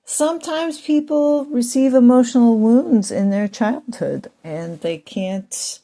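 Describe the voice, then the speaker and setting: A woman talking in a rambling, digressive monologue with dry asides, clearing a frog from her throat now and then. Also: medium pitch, dark tone. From part Irish, part English ancestry. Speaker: spiritual talk host.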